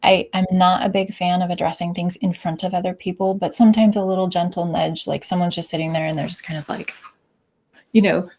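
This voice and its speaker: Expressive woman coach with a lowish voice. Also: brisk. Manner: expressive, often drops to a soft near-whisper. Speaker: leadership coach, interview guest. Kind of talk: conversational interview. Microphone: video call.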